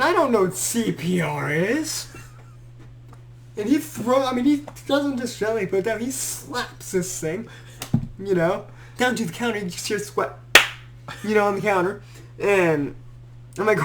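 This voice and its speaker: Young man, lively storyteller. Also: high voice, normal speed, pauses often. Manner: animated storyteller who acts out quotes and laughs a lot. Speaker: podcast host. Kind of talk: casual chat.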